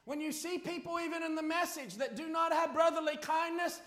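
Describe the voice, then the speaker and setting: A man preaching a sermon, telling a story and rising to shouted appeals. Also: very high voice, fairly even intonation, fairly quick. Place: church. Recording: echoey church hall.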